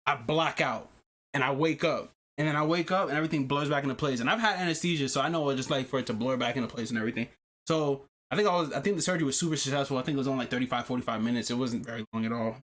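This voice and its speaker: A man hosting a podcast, telling a long personal story in casual chat, animated and profane, often repeating himself. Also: mid-range voice, racing. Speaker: podcast host.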